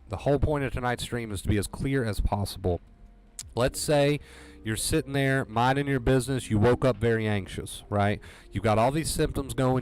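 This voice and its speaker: Talking to livestream viewers, a man with a medium-pitched voice earnestly and directly encourages them about anxiety recovery, saying things again and again so they stick. There is a slightly mellow quality to him, and faint background music plays.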